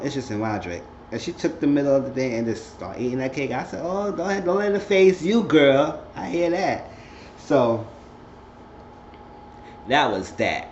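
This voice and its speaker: Guy doing an excited tv recap, slangy, mimics the characters, muffled echoey room w/ a little hiss. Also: medium pitch. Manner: animated, slangy storytelling with quoted dialogue. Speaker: recap vlogger. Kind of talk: casual TV episode recap.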